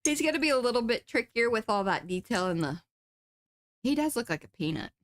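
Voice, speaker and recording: A woman's voice: on the high side, big pitch swings, fairly quick, dry recording. Joking woman co-host, dry sound. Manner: joking, reads viewer comments aloud. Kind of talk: casual chat during a live art stream.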